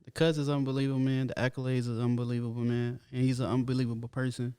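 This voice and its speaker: Laid-back co-host with a smooth voice. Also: male voice, medium pitch, level tone, fast, dark tone. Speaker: podcast co-host. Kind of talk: casual podcast chat.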